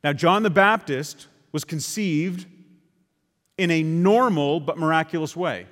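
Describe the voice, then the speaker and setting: Male preacher, slightly high voice, emphatic sermon delivery with casual asides, long hall reverb. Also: unhurried, fairly bright tone. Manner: emphatic, with conversational asides to the congregation.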